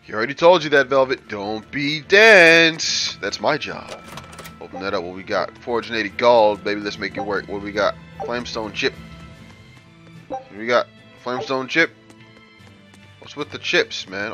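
Brash, lively man calling out game characters. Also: medium pitch. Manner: brash, trash-talking, reads game lines aloud with attitude. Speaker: let's play host. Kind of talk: casual gameplay commentary.

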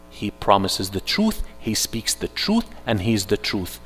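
Animated male preacher in an echoey hall. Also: fairly low pitch, unhurried, few pauses, slightly rough. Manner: swings from hushed to loud and urgent, mixes in Arabic phrases. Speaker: Islamic speaker. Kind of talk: live workshop sermon.

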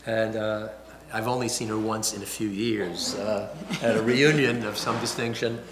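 A man hosting a breakfast talk series, introducing the guest speaker in a halting way with many pauses. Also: fairly low pitch, fairly even intonation. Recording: roomy with light noise.

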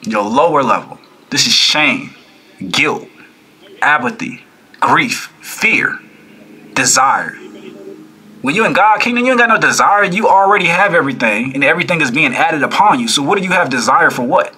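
Hosting a reaction video, a man sermonizes to viewers in an animated, casual tone, repeating phrases and peppering them with rhetorical questions. He sounds on the high side and talks at normal speed.

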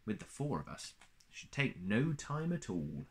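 A man voicing a polite, measured old owl in a storybook. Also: on the low side, sing-song.

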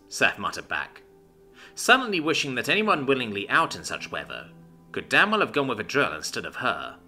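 Bright, lively male story narrator. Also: medium pitch, moderate pace, soft background music. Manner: expressive storytelling. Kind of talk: scripted narration.

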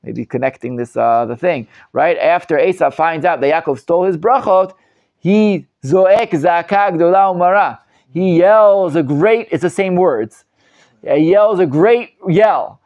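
Rabbi teaching a live class, animated and emphatic, slightly high voice, dull lo-fi sound. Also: male voice, measured pace. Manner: animated, emphatic, many restarts and repeated words. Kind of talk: live Torah class with student questions.

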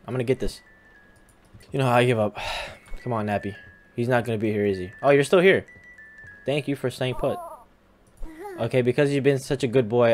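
A man's voice: mid-range voice, a little mellow. A young man giving casual game commentary, teasing and talking back to the characters on screen. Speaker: gamer.

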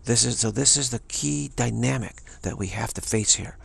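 A man's voice: mid-range voice, normal speed, creaky, slightly rough, no room sound. A man giving an emphatic spiritual talk, repeating and restarting phrases as he presses his point. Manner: emphatic, repetitive, many restarts. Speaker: spiritual teacher.

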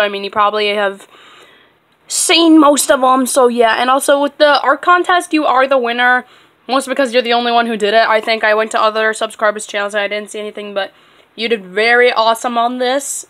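A young woman chatting casually in a fan vlog, rambling and excitable with lots of fillers. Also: fairly high pitch. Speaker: channel creator.

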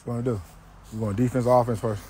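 Outdoors, a man coaches football drills, barking commands and teasing his players with loud, energetic trash talk. His mid-range voice races along over slight background noise.

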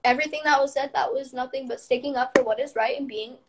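A middle-aged woman with a high voice talks to her supporters over a livestream. Her statements are firm and upbeat, and she keeps them steady and rallying. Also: fast talker, very noisy. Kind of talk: livestream address to followers.

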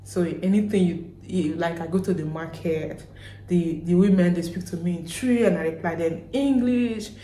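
A woman's voice: on the low side, normal speed, dark tone. A woman with a Nigerian accent, chatting casually to her vlog audience and acting out little bits of dialogue as she rambles and corrects herself. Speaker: vlogger. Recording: roomy echo.

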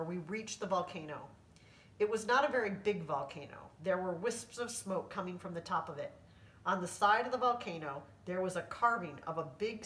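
A woman volunteer reading a children's storybook aloud with gentle, clear narration. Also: fairly low pitch. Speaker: volunteer reader. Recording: echoey room, reader far from mic.

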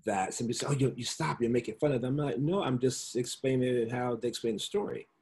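A middle-aged man, a guest in a casual interview over a video call, telling animated stories and slipping into the accents and voices of the people he quotes. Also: mid-range voice, quick pace. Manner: flamboyant, animated storyteller who slips into voices and accents.

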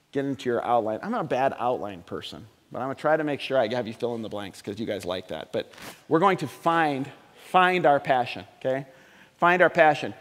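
A middle-aged man preaching a sermon in a church, talking conversationally and joking with the congregation. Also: on the high side. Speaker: pastor. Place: church sanctuary. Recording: long hall reverb.

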